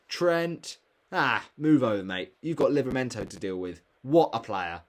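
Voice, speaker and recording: A man's voice: medium pitch, animated, measured pace. A young man reviewing his fantasy football season, exclaiming and grumbling about players in casual solo commentary. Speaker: fantasy football channel host.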